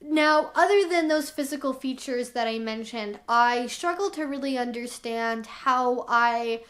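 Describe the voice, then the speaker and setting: A woman's voice: a little high, a little slow, a bit bright. A young woman vlogging to camera as an educator, explaining herself candidly and with lots of "like" fillers. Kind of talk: talking to camera.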